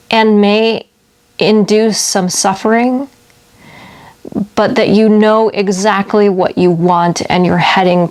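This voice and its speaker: Slow, chatty woman retelling fairy tales. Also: mid-range voice. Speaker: video host. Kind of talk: casual storytelling vlog.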